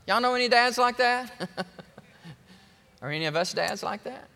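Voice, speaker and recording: A male pastor preaching a sermon in an emphatic, animated way, with folksy humor. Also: extremely high pitch, measured pace, gravelly. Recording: long hall reverb.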